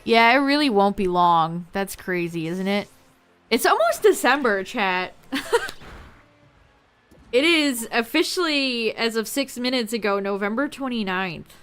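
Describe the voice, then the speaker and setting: A young woman live-streaming a game, chatting casually with her viewers, her voice going a little hoarse. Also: on the high side, lively intonation, unhurried, a bit bright, slight background noise. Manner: laid-back, chatty, talks to chat. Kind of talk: casual live-stream chat while gaming.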